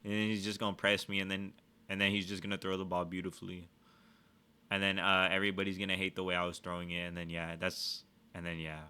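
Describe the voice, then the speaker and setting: A man giving casual let's-play commentary, swearing a lot and trash-talking with excitable energy. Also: low voice, quick pace, clean tone. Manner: profane, excitable trash talk. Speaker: gaming streamer.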